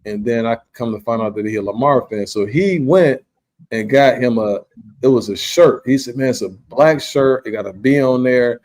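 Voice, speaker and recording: A man's voice: mid-range voice, moderate pace, darkish tone. A man hosting a podcast, telling rambling, laid-back stories in casual chat. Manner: rambling, laid-back storytelling with frequent "you understand". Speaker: podcast host.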